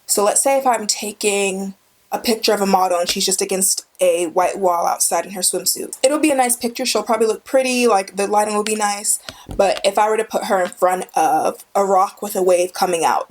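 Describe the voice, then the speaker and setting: Speaking a little fast, this young photography tutorial host addresses the camera with easygoing warmth and a mid-range voice. Her delivery is upbeat and chatty, and she drives points home through repetition. The sound suggests a casual vlog shot indoors beside a studio light using the camera's own microphone.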